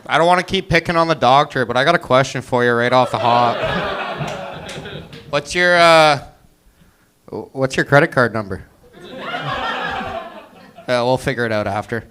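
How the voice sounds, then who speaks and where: A man's voice: mid-range voice, wildly swooping pitch, measured pace, pauses often, noisy background. A man doing a stand-up set, introducing bit after bit with plain setups. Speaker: stand-up comedian. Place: open mic comedy venue, indoors.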